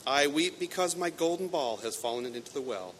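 A man's voice: animated, fairly quick, fairly bright tone. Man voicing a weepy young princess. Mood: pleading. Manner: pleading, then dismissive. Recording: echoey hall, faint rumble.

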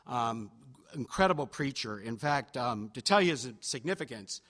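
A man's voice: medium pitch, expressive, normal speed, fairly bright tone. A man preaching a sermon in church, telling stories in a chatty, self-deprecating way with fillers and restarts. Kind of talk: sermon storytelling. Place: church sanctuary. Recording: reverberant church hall.

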